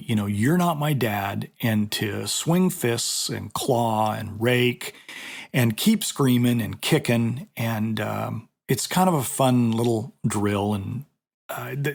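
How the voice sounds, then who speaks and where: A man's voice: medium pitch, creaky. A middle-aged man, a martial arts instructor, chatting casually and telling a story with lots of fillers. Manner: storytelling, conversational, many fillers. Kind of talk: casual monologue.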